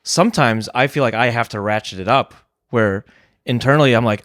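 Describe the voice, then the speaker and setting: Young male DJ guest, low register, dry studio sound, candid reflective storyteller. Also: fairly quick, no room sound. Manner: reflective, open, with filler words and restarts. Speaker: DJ and podcast guest.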